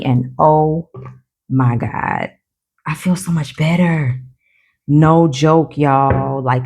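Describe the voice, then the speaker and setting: A woman giving a casual tarot reading in a low voice with a gravelly, husky texture. She chats with her viewers and calls them y'all. She is giddy, laughs at herself and stumbles over her words. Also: darkish tone. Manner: chatty, addresses viewers as y'all. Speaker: tarot reader.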